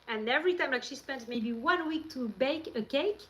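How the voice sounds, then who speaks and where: On a casual live stream, a French woman with a French accent tells rambling, chatty stories into a handheld phone. Her voice is high, animated and fairly bright, at a moderate pace, and the recording quality is low.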